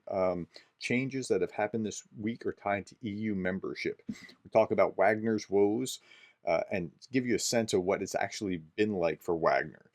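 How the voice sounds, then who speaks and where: Low-voiced man explaining news, dry close mic. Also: a little mellow, no echo. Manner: conversational, explanatory, frequent "uh" fillers and restarts. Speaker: professor explaining war news. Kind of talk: daily news commentary video.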